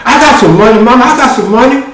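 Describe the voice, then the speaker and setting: A man voicing an eager teenage boy who excitedly repeats himself. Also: very high-pitched, fast, pitched above the performer's own voice. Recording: very echoey room, distant mic.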